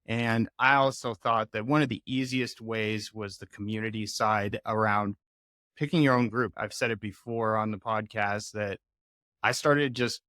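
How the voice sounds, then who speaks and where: A man's voice: lowish voice, steady tone, moderate pace, sharp tone, no room sound, clean studio sound. A man hosting a podcast interview in a casual, affirming and supportive way. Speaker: podcast host.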